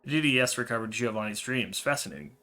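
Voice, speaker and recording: A man's voice: mid-range voice, fast. A man streaming a game, reading in-game letters aloud in a dramatic voice that stumbles over words now and then. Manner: dramatic reading with sudden loud outbursts; slips and restarts while reading. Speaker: gaming streamer.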